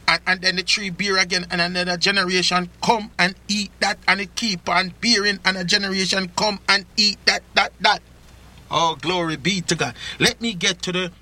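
Jamaican preacher with a bright, high voice. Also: male voice. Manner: rising to loud, drawn-out emphasis on key phrases; rhythmic repetition. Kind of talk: sermon.

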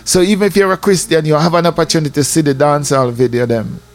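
A man's voice: on the high side, fast talker. Jamaican man telling his testimony. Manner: lively storytelling, slips into patois. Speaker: church member giving testimony. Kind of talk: personal testimony storytelling.

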